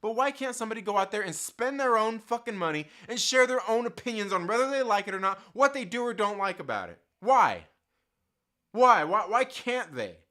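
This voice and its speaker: A man's voice: high-pitched, expressive, a little fast, sharp tone. A man hosting his own channel, delivering a heated, profanity-laden rant straight to his viewers and mocking other people's views. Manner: heated, swears constantly, mocks others in put-on quotes. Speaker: YouTube channel host. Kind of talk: profane unscripted rant to camera.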